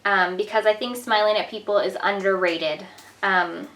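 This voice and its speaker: A woman's voice: mid-range voice, steady tone, moderate pace, a bit bright. A young woman vlogger talking casually to the camera, chatty and full of "like" and "um". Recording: echoey room, mic at a distance.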